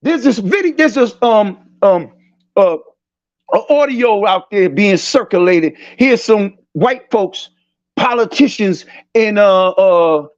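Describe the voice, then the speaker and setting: A man hosting a heated talk-show debate, impassioned, profane and preachy. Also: very high voice. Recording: dull lo-fi sound.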